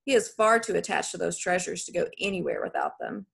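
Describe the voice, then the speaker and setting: A woman's voice: lowish voice, animated, a little fast, creaky, fairly bright tone, breathy edge, heavily acted. Woman voicing a haughty scolding foster mother. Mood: cold mocking. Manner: formal, haughty, scolding speech. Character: stern pompous middle-aged foster mother, female. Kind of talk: audiobook character voice.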